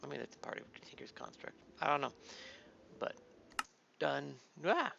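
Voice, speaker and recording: Sounding like a worn-out dad at his home PC, this adult father hosts a casual gameplay video, rambling in a laid-back way with lots of fillers. His mid-range, creaky voice swings widely in pitch at a moderate pace. A dull lo-fi microphone adds faint noise.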